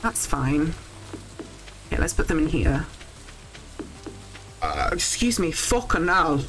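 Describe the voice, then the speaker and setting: A woman's voice: low-pitched, wildly swooping pitch, slow, fairly bright tone, low-quality recording. Chatty young woman streaming a game. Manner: chatty, swears when frustrated, thinks aloud. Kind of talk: casual live-stream gaming chat.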